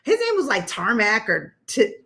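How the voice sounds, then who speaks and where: A woman co-hosting a casual chat show with her mother, animated and slangy, laughing often. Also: a little high, normal speed. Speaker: co-host, daughter.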